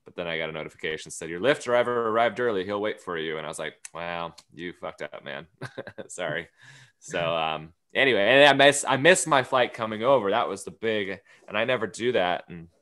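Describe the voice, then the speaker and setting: A man with a low, bright, forceful voice spins a comic anecdote on a podcast. He talks casually and slips into quick impressions of the people he met along the way. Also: animated, smooth. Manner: storytelling, acts out quoted lines. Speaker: guest comedian.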